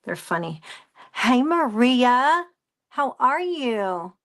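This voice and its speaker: A woman's voice: a little high, sing-song, very slow, fairly bright tone. A woman presenting a craft live stream, rambling through a story and greeting viewers by name as she works. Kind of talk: casual chat while crafting.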